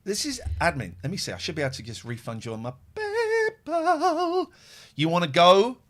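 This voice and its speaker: A man hosts a casual podcast, cursing his way through heated anecdotes. His voice sits slightly high and swoops widely up and down as he talks. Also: normal speed. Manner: animated, heavy swearing, telling angry anecdotes. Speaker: podcast host. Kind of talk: casual chat.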